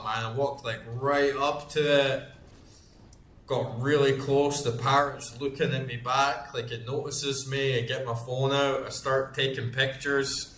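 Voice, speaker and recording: A man in his forties rambles through a story, packing it with fillers and frequent swearing. His voice sits in a middle pitch, and a roomy echo hangs around it. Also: fairly bright tone. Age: 40s. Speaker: gaming YouTuber. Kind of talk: casual storytelling.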